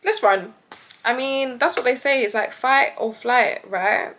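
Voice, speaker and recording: A young woman with a British accent telling a story to her vlog audience, animated and acting out the voices of the people in it. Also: measured pace, a little hiss or hum. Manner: animated, acts out quoted voices with big pitch jumps. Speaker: vlogger.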